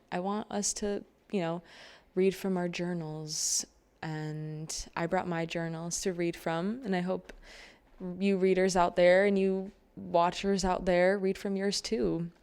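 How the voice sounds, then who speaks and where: A young adult woman hosting an open mic, chatting haltingly with many fillers before reading a poem aloud. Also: on the low side, flat delivery, darkish tone, clear, resonant tone. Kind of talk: casual stage introduction and poetry reading.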